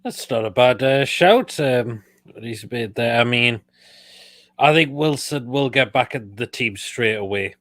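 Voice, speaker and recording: A male panelist with a medium-pitched voice gives his view in a measured, thoughtful way. The sound is dry and close. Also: fairly bright tone, no echo. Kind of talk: casual football discussion.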